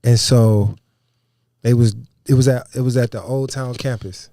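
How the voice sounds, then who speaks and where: A man telling a story in a casual chat, animated, quick in bursts and swearing freely, on a close, dry mic. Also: medium pitch, no room sound. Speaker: podcast guest.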